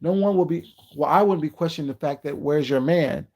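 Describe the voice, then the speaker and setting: A man doing casual live-stream commentary, sassy and emphatic, leaning on slow, repeated rhetorical questions and greeting his chat. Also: fairly high pitch, a little mellow.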